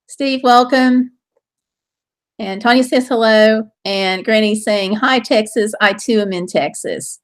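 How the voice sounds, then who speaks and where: Bubbly high-voiced woman hosting a live stream. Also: slow pace. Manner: bubbly and chatty, with exclamations and laughter. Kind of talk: casual live-stream chat, reading viewer comments aloud.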